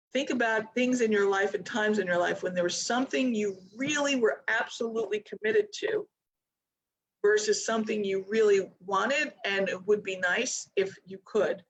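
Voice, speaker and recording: A woman trading mentor talking casually to a live online audience in an energetic, motivational way, with chatty asides. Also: mid-range voice. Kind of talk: casual live-stream talk.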